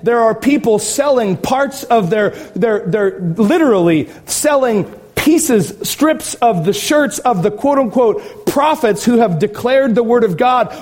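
A man's voice: extremely high pitch, a little mellow. A male pastor preaching a sermon, emphatic and fired up, with sarcastic asides.

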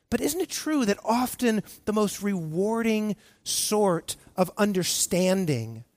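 High-voiced pastor preaching slowly. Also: male voice, no room sound. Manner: earnest preaching with slow emphatic stresses and frequent restarts. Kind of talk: sermon.

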